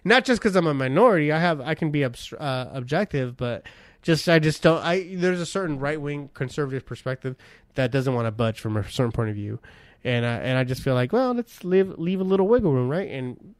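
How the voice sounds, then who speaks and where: Profane storytelling man, smooth dry voice. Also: a little high, lively intonation, fairly quick, no room sound. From Mexican-American. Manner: loose, profane storytelling with repeated restarts. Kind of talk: casual chat.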